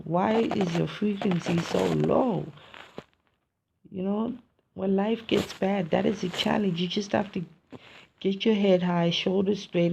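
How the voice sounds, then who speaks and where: This man's voice sits high and gravelly, a little mellow, with a faint hiss or hum. He's vlogging in a casual, rambling monologue, musing philosophically and checking in with listeners through phrases like "you feel me" and "man."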